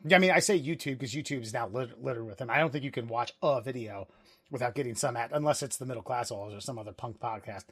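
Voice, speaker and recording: A man's voice: mid-range voice, quick pace, fairly bright tone, husky, no echo, clean studio sound. A middle-aged man co-hosting a casual podcast, rambling and laughing often as he talks. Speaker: podcast co-host.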